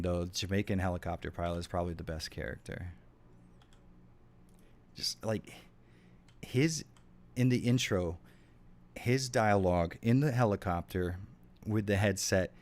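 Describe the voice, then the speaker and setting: A deep-voiced man chats casually with his stream viewers while he plays a game. He rambles and swears freely as he answers messages from chat. Keys clatter on a keyboard behind him. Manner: chatty, swears a lot, reacts to chat.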